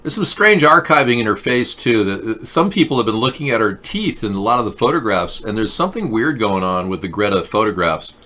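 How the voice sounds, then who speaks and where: A middle-aged man hosting a talk show, delivering a rambling, mock-earnest monologue with a deadpan touch. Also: on the low side, fairly quick, hardly any pauses.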